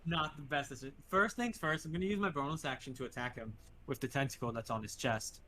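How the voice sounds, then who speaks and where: A man's voice: medium pitch, quick pace, sharp tone, a little hiss or hum. A man playing in a casual tabletop game, thinking aloud about his spells and swearing now and then. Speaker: player.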